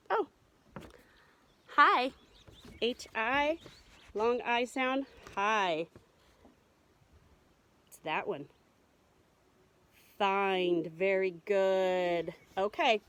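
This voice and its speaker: A woman teaching a remote reading lesson to first graders, patient and encouraging as she sounds out words. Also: medium pitch.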